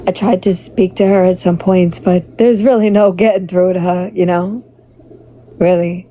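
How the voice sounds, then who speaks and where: A woman livestreaming in a loose, rambling way, greeting her viewers and fighting a hoarse, fading voice. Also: on the low side, fairly even intonation, slow, long pauses. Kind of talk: casual livestream chat. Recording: dull lo-fi stream audio with faint noise.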